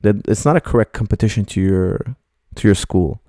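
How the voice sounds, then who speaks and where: A man's voice: fairly low pitch, a little fast, dark tone, no room sound, clean studio sound. A middle-aged man, a martial arts coach, bluntly rambling through viewer questions on a live stream.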